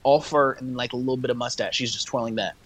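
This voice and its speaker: A man at a mid pitch chats casually as a tabletop game player. He jokes loosely and strings his thoughts together with many fillers. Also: fairly even intonation, quick pace, fairly bright tone, a little hiss or hum.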